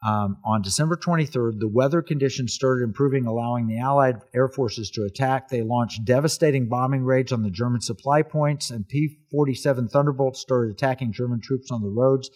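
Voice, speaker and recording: A man's voice: mid-range voice, brisk, few pauses, darkish tone. A man hosting a casual talk, telling a history story in an earnest, emphatic way.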